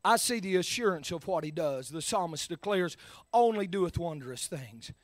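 A man preaching a sermon in church, sliding from low, easy talk up to shouted, drawn-out lines. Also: lively intonation, dry recording.

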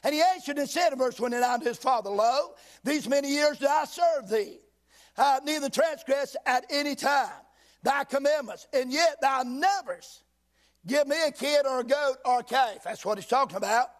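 Preaching in a church sanctuary, this pastor has an extremely high-pitched voice. He works slowly through King James verses, pauses for folksy commentary, and shouts at moments to drive points home.

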